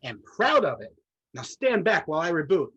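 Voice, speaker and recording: A young woman playing a nerdy, proudly geeky young prince in a stage comedy, with a husky voice. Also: low-pitched, sing-song, normal speed, dull audio, very noisy. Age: young adult. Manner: eager, nerdy.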